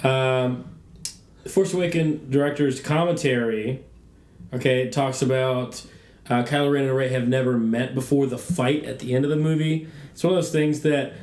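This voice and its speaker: A man's voice: mid-range voice, fairly even intonation, normal speed, a little mellow, echoey room. A man co-hosting a casual gaming podcast, hesitant with many restarts and a dry, coughing throat. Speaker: podcast co-host. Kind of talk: casual chat.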